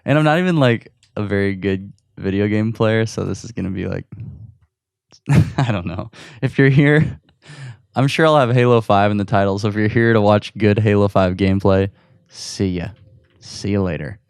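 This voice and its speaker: This is a fairly low, steady male voice with vocal fry and a clean tone, moving at a moderate pace over a dry, clean studio-sounding recording. He's a podcast host gaming and chatting on his own show from his bedroom. Slightly breathless, he laughs often and pokes fun at himself.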